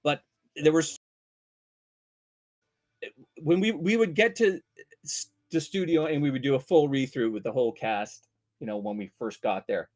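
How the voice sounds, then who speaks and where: Animated storytelling voice actor man. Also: fairly high pitch, normal speed, long pauses. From Vancouver, Canada. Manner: animated storyteller, bursts into loud character voices. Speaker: voice actor guest. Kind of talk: casual anecdotes.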